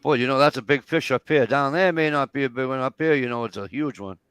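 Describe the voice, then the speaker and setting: A man's voice: medium pitch, fast, a bit bright, smooth, no echo. A man telling a story in casual chat, profane and acting out both sides of an argument. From Massachusetts. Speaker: guest in group chat.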